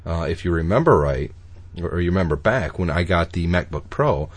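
A man's voice: sits low, expressive, brisk, husky. A man hosting a podcast, chatting casually and laughing easily. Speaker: podcast host. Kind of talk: casual chat.

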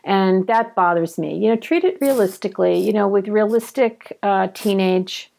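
A woman's voice: mid-range voice, normal speed, creaky, darkish tone. A woman in casual conversation, talking thoughtfully with many fillers and hedges. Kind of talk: casual chat.

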